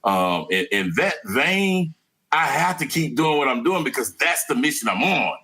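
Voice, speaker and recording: A man's voice: medium pitch, big pitch swings, moderate pace, pushed and bright. A man who founded a radio network, talking as a podcast guest in a rambling way with many restarts. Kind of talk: casual interview chat.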